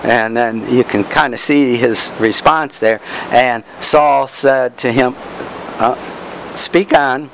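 Slow, deliberate male preacher. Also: medium pitch, fairly even intonation, a little hiss or hum, poor audio. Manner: reads verses aloud with commentary, stresses words. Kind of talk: Bible study sermon.

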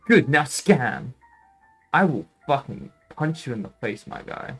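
A man's voice: medium pitch, lively intonation, measured pace, husky, faint music behind. A man streaming a game, casually commenting, joking and swearing at the characters.

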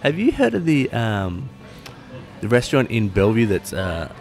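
A middle-aged Australian man hosts a podcast, rambling through loose, jokey chat and often restarting his sentences. His voice sits fairly low, and faint music plays behind him. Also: huge pitch swings, moderate pace, darkish tone. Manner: chatty, rambling, laughs easily, many restarts. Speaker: podcast host. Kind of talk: casual interview chat.

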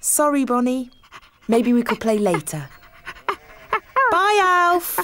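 A woman's voice: on the high side, very animated, slow, noisy background. An actress voicing a caring young woman vet who speaks in a soothing, reassuring way in a children's cartoon. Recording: loud background music.

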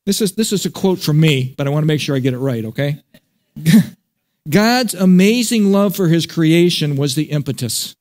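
High-voiced emphatic male preacher. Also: lively intonation, a little mellow. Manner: emphatic preaching, repeats phrases, slows for weight. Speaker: pastor. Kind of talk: sermon.

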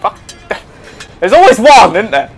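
A young man giving casual let's play commentary, excitable and jokey, talking to himself and swearing now and then. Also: sits high, a little slow, breathy edge, faint music behind. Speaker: gameplay commentator.

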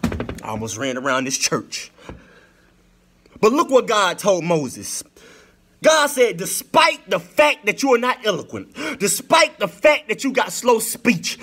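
High, lively preaching man with a sing-song cadence. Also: a little slow. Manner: impassioned, rising to shouts. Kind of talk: sermon.

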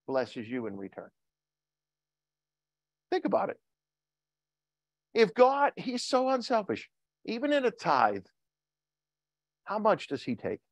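Dry, higher-voiced male preacher. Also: no room sound. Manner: preaching with rising and falling intensity, asking the congregation questions; reads scripture in King James wording. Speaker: pastor. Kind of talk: sermon.

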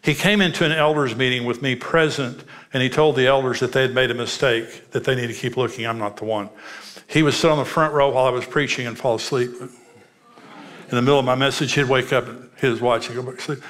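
A man's voice: medium pitch, steady tone, fairly quick, fairly bright tone. A man preaching as a pastor, telling personal stories in an earnest, direct way.

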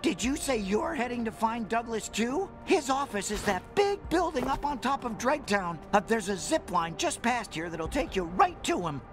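Frantic little alien doctor. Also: female voice, fairly high pitch, big pitch swings, normal speed, hardly any pauses. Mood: gushing. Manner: frantic, gushing. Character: jittery, grateful little male alien doctor. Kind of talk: video game dialogue. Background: game music.

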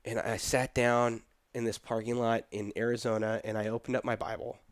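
A man's voice: mid-range voice, level tone, fairly quick, no echo. A young man, a pastor, telling a personal story in casual conversation, acting out the dialogue and laughing often.

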